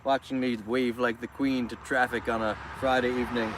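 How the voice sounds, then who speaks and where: A man's voice: mid-range voice, steady tone, a little fast, hardly any pauses. A man casually chatting on a livestream outdoors, joking and waving at passing traffic. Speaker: farm livestreamer. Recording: outdoor street noise, passing cars.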